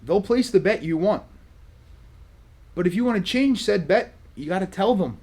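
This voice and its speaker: A man's voice: sits high, expressive, normal speed, darkish tone. Sarcastic man telling a story in a vlog. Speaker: vlog host.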